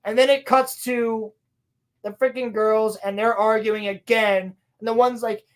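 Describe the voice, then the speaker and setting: A woman's voice: a little high, steady tone. Profane, ranting woman podcaster. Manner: profane, exasperated ranting with quick acted quotes. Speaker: podcast co-host. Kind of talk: casual chat, recapping a show.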